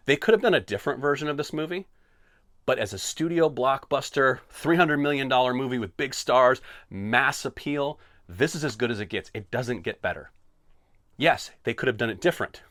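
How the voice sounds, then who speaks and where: A man hosting a solo podcast, talking in an animated, sarcastic, tongue-in-cheek way. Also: mid-range voice, moderate pace, no room sound, studio quality. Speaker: podcast host. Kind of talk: opinionated solo podcast rant.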